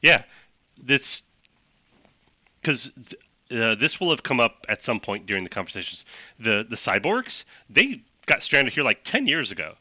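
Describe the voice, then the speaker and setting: Game master guy rambling, lots of "like", bright voice, dry sound. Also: mid-range voice, sing-song, unhurried, no room sound. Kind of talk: narrating a tabletop game.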